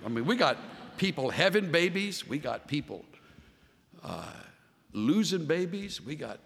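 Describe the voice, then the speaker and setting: A man preaching a sermon as a pastor, animated and voicing the figures he quotes. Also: on the high side, a little slow, gravelly. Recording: long hall reverb.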